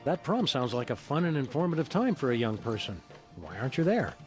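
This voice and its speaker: A man voicing a calm, upright dog detective in a video game, speaking in polite, measured, wordy phrases. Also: mid-range voice, close to an everyday voice. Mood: dry. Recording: game audio under music.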